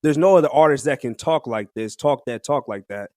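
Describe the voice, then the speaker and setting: A man's voice: medium pitch, brisk, warm tone, no room sound, clean studio sound. A man co-hosting a podcast, chatting casually about new music in slangy talk, breaking into laughter often and restarting his sentences. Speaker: podcast co-host. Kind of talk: casual music review chat.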